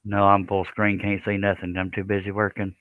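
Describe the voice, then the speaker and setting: A man's voice: on the low side, monotone, fairly quick, dry recording, narrow, tinny audio. A man hosting a woodworking live stream, chatting casually and joking as he works. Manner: joking, folksy, laughs often. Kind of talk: casual chat while working.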